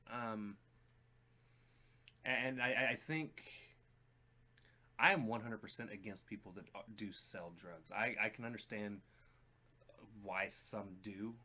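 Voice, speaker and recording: A man with a somewhat low voice co-hosts a relaxed reaction chat. He talks earnestly and plainly, turning to the viewers to speak to them directly. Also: takes it slowly, pauses often. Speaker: reaction channel co-host. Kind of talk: casual chat.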